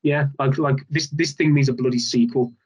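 A man in a casual film chat, rambling with lots of restarts and fillers, getting animated. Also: mid-range voice, moderate pace, husky.

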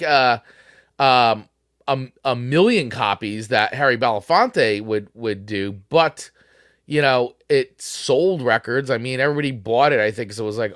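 A man's voice: mid-range voice, unhurried, fairly bright tone, no echo, clean studio sound. A man co-hosting a casual music podcast, talking animatedly with frequent laughs and restarts. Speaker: podcast co-host.

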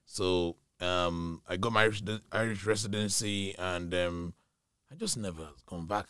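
A man from Nigeria telling stories in a casual podcast chat, animated and laughing often. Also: deep voice, a little slow, clear, resonant tone, no echo, clean studio sound. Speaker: guest comedian.

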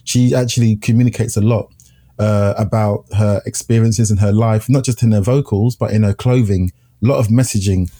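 A man with a low, husky, dark voice talks through a film he liked in a loose, relaxed way. He laughs easily between points. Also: moderate pace. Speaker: podcast co-host. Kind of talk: casual film review chat.

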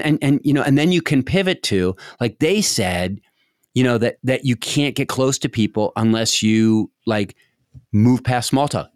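A man's voice: mid-range voice, no echo. A man in middle age talks through advice in a loose, conversational way. He keeps stopping to voice the people in his examples. The sound is dry and close to the mic. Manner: animated, acts out example dialogues, frequent restarts. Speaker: podcast host giving advice.

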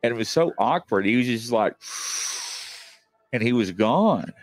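A man's voice: medium pitch, lively intonation, slow pace, no echo. A man hosting a show and telling a long, chatty story, with many fillers along the way. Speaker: host. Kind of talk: casual storytelling.

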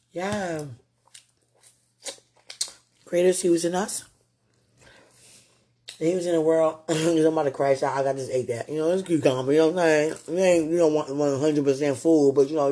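Male vlogger, husky and breathy, tender and rambling, late-night heartfelt faith talk. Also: fairly high pitch, warm tone. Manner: rambling and tender, full of "you know".

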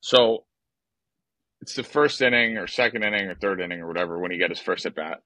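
A lower-pitched man with a bright, forceful tone tells stories on a podcast in a profane, exasperated style. The mic is close and the sound is dry. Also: brisk, dry recording, low-quality recording. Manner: animated, profane, exasperated storytelling. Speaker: podcast co-host, former baseball player. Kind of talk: casual podcast storytelling.

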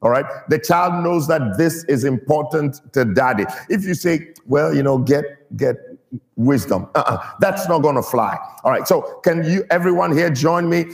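A man's voice: a little high, lively intonation, normal speed, hardly any pauses, long reverb tail. A man preaching a sermon to his church, stressing key words and getting the people to repeat them. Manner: emphatic, draws out key words and gets the congregation to repeat.

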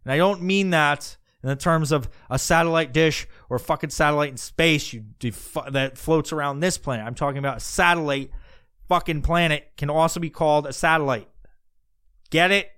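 Crude ranting man, clear voice. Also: fairly high pitch, moderate pace, fairly bright tone, dry recording, clean studio sound. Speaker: podcast host. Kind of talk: profane comedic rant.

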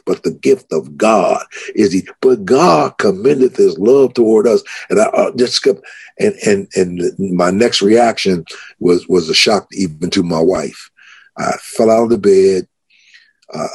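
A man, a pastor, telling the story of his conversion in a podcast interview, getting more and more worked up as he goes. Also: slightly rough. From United States. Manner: grows excited, pitch rising as he retells shouting.

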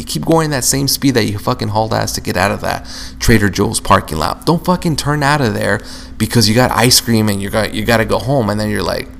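A man's voice: lowish voice, a little fast, creaky, a bit bright, slight background noise. A young man hosting a casual solo podcast, rambling and venting with lots of swearing. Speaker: podcast host.

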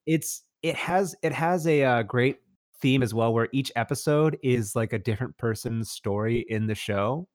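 A man's voice: mid-range voice, normal speed, no room sound, studio quality. A man in casual chat, recommending a show with rambling enthusiasm, full of restarts and fillers.

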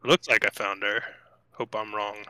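Laid-back man player, crisp bright tone, deadpan delivery. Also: lowish voice, measured pace, dry recording. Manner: dry, terse, laid-back. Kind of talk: playing a detective in a tabletop game.

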